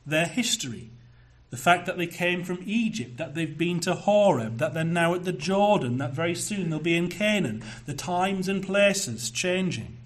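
A pastor preaching a sermon, measured and emphatic, slowing down to stress key phrases. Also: male voice, high-pitched, lively intonation.

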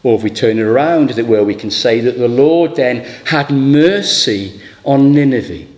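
A man preaching at a middle pitch. He presses his points with rhetorical questions and lifts into dramatic quoted dialogue from scripture. His delivery is earnest and emphatic. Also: normal speed, darkish tone. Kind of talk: sermon.

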